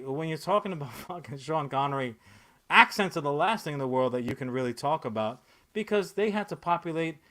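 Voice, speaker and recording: A man's voice: fairly high pitch, a bit bright. Profane, rambling man ranting on a podcast. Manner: profane, rambling, sarcastic rant with many fillers. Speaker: podcast host. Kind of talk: casual comic-book podcast chat.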